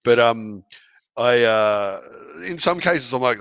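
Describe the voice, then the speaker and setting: A man's voice: mid-range voice, expressive, measured pace, a bit bright, no echo. A man, a wrestler guest on a podcast, talking in a rambling, easygoing way with many restarts. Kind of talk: casual interview chat.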